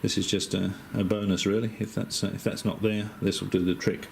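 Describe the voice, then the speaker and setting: A man's voice: fairly low pitch, a little fast, vocal fry, a little hiss or hum. Chatty Australian man explaining circuits. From Western Australia. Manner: relaxed, chatty, with frequent hesitations and dry asides. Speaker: amateur radio operator. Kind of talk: casual technical explanation.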